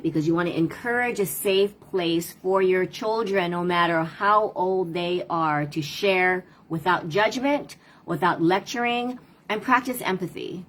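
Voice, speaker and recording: Husky woman coaching parents live. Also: fairly low pitch, rough recording. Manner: conversational, rhetorical questions, answers viewer comments. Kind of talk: live-stream talk to viewers.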